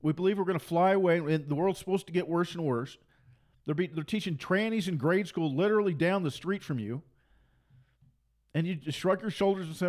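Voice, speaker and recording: A man's voice: fairly high pitch, a little fast, darkish tone. A man preaching an impassioned monologue, fiery and mocking, hammering points through repetition. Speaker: Christian preacher and commentator.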